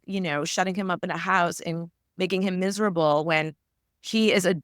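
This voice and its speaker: Smooth-voiced reflective woman guest. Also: fairly low pitch, a bit bright, dry recording, studio quality. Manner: earnest and reflective, many fillers. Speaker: guest author and tarot reader. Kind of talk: casual interview conversation.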